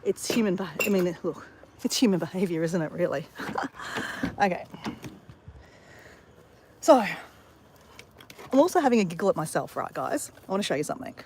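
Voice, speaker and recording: A woman's voice: on the low side, animated, moderate pace, long pauses, a little mellow, a little hiss or hum. Woman vlogger, exasperated, swears freely, laughs at herself, phone mic outdoors, faint backyard ambience. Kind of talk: casual vlog chat.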